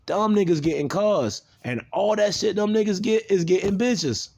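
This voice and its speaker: A man's voice: high voice, normal speed, a little mellow. A man from the South, talking bluntly and profanely in an unscripted video monologue. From American South. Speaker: video maker.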